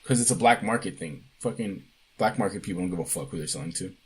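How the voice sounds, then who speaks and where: A young man co-hosting a podcast in casual chat, relaxed and animated, swearing freely. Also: sits low, fast, slightly rough. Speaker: podcast co-host.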